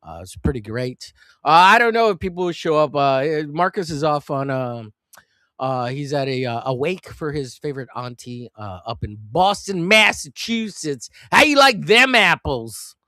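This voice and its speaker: Male stream host, animated rambling talk, slightly high voice, dry close sound. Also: normal speed, no echo. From United States. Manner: rambling, crude joking, animated. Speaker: live-stream host drawing comics. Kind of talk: casual rambling chat while drawing.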